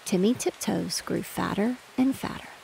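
A woman narrating a children's bedtime story in a gentle, even reading voice. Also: mid-range voice, moderate pace, gravelly, slight background noise. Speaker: audiobook narrator. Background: rain and distant thunder.

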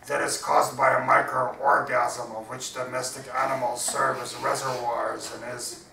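A man's voice: medium pitch, little pitch movement, a little slow, vocal fry, crowd noise. A man voicing an anxious, bumbling male pirate who frets and blusters, recorded from a distance in an echoey hall. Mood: fretful. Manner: fretful, then blustering. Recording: echoey hall, distant mic, faint hiss.

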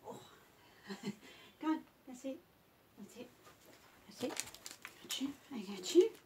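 A woman's voice: high-pitched, lively intonation, slow, darkish tone, a little hiss or hum. A woman coaxing her cats to pose for a photo shoot at home, repeating names and commands. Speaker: pet photographer. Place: indoor home photo session.

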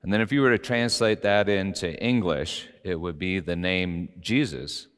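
A man's voice: low voice, moderate pace, fairly bright tone, clear, resonant tone, in a large hall. A male pastor preaching a conversational sermon, stressing key words and using many fillers. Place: church sanctuary.

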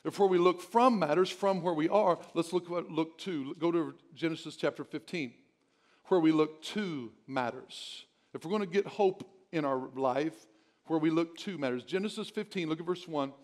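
High-voiced emphatic male preacher. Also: moderate pace. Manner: emphatic, repetitive exhortation with chuckles. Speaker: pastor. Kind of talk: sermon.

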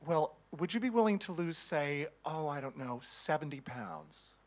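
A man's voice: on the high side, lively intonation, normal speed, close to an everyday voice. A man playing a curt casting judge. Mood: dismissive. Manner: clipped, brusque and hesitant. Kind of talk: comic sketch.

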